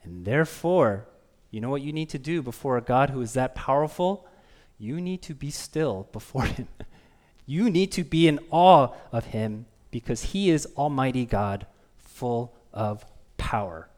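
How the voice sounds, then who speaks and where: A man preaching a sermon as pastor, talking conversationally with the congregation and asking them questions, and reading scripture slowly with emphasis. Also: medium pitch, lively intonation, a little mellow. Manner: conversational, asks the listeners questions.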